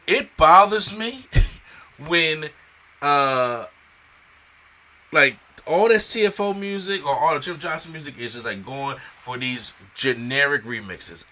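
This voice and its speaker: A man casually recapping a wrestling show episode in a rambling, animated way, with frequent restarts and fillers. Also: mid-range voice.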